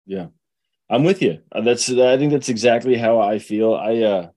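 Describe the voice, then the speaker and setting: A podcast host with a medium-pitched male voice chats casually with his guest. He comes across as easygoing and self-deprecating, and he laughs easily. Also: normal speed, mellow. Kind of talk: casual chat.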